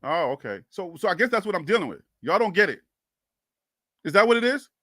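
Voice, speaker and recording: Animated Liberian man, high bright voice. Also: fairly quick, dry recording. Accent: Liberian English. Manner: animated and exasperated, repeats questions. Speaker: sports talk live-streamer. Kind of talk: live stream, answering chat comments.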